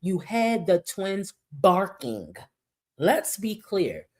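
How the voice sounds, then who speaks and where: A woman's voice: mid-range voice, big pitch swings, drawn-out words, breathy edge. A woman hosting a reaction vlog, blunt, profane and sassy, leaning on catchphrases. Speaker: reaction channel host.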